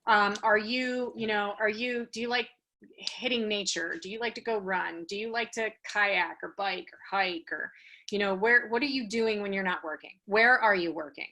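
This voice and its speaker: A woman in her thirties leading a casual team training session for real estate agents, brisk and animated, acting out client dialogues as she goes. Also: mid-range voice.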